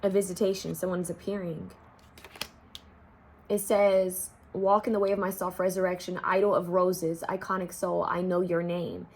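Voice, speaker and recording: A woman's voice: on the low side, flat delivery, moderate pace, a little hiss or hum. A young woman giving an intuitive pick-a-card tarot reading, talking casually to her viewers and half-singing song lyrics as she goes. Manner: chatty, addresses viewers as y'all, half-sings song lyrics.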